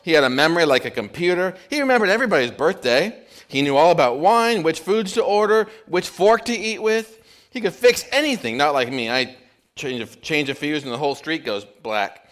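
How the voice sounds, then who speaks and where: Figure: chatty male cab driver, as a man puts him on. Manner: gushing, rambling, high-pitched and loud. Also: sing-song, fairly quick.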